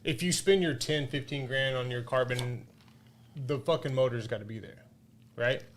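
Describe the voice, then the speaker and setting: A man co-hosting a podcast in casual chat, excitable and emphatic, swearing freely. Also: medium pitch, normal speed, slight background noise.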